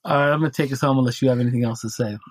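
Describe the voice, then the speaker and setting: A man with a middle-pitched voice tells a story on a podcast, rambling and animated and tripping over his own restarts. The sound is dry and close, with no room around it. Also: very fast, no room sound. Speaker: podcast co-host.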